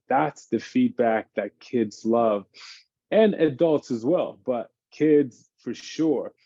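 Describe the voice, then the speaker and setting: Warm-voiced fitness dad, dull call audio. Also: male voice, mid-range voice, no echo. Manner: animated, explains by acting out his kids' games. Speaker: fitness expert on a parenting panel. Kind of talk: casual panel discussion.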